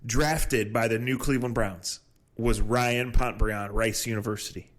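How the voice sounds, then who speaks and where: A man's voice: medium pitch, steady tone, unhurried, a bit bright. A man co-hosting a podcast, telling sports stories in casual chat with frequent laughs. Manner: laughing storyteller, trailing off. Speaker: podcast co-host.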